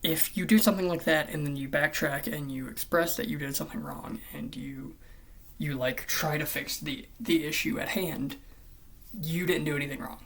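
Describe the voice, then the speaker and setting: Vlogger, angry rant, frequent swearing, loud bursts, dips to near-whispers. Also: medium pitch, fairly even intonation, moderate pace. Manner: angry, swears often, swings between loud outbursts and hushed near-whispers. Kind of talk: ranting commentary vlog.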